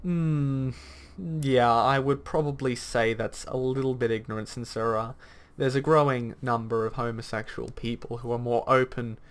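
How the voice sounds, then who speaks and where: A man hosting a gaming commentary video, arguing bluntly, swearing at times, and rambling through lots of fillers. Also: mid-range voice. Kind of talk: reaction commentary rant.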